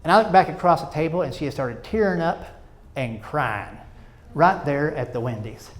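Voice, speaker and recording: Middle-aged man, stand-up storyteller; a bit high, animated and self-mocking. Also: normal speed. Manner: animated, self-mocking, chatty asides to the audience. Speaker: stand-up comedian. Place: stage before a live audience.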